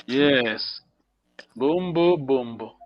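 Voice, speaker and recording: A man's voice: medium pitch, extremely slow, dry recording. A man teaching a language lesson over a video call, patient and encouraging, laughing often. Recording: dull lo-fi video call audio.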